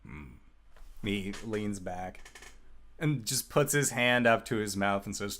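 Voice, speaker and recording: Low slow guy running a tabletop game, lots of uhs. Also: expressive, fairly bright tone. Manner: slow, many "uh" fillers. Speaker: game master.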